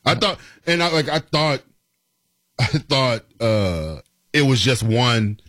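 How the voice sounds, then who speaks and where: A man co-hosting a casual podcast chat, chatty and quick to laugh. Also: mid-range voice, very animated, fairly bright tone, dry recording. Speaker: podcast co-host.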